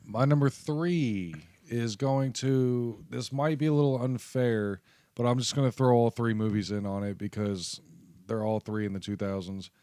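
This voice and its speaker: A man co-hosting a casual movie podcast, speaking earnestly and in a measured way about films that mean a lot to him. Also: medium pitch, steady tone, dark tone, clean tone, no echo, clean studio sound. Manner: earnest and measured, with fillers and restarts. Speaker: podcast co-host. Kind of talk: casual movie ranking chat.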